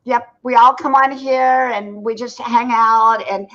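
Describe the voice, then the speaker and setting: A woman's voice: fairly high pitch, fairly even intonation, measured pace, dull audio. An older woman hosting a casual live stream from her porch, chatty and greeting viewers by name. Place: home porch.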